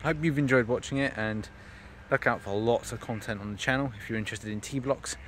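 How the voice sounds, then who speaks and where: A man chatting casually into his phone camera for a vlog, meandering through his thoughts with frequent ums and restarts. His voice sits at a mid pitch, with faint background noise. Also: fairly quick, fairly bright tone. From England. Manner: rambling, with many fillers and restarts. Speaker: vlogger. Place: outdoors in a park.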